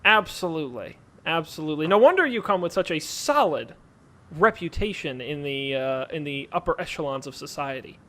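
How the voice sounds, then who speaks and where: A man's voice: fairly high pitch, very animated, a little fast, a bit bright. A man putting on a pompous rich nobleman. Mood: flattering. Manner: pompous, rambling, full of filler. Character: pompous wealthy male noble customer. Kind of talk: in-character tabletop role-play.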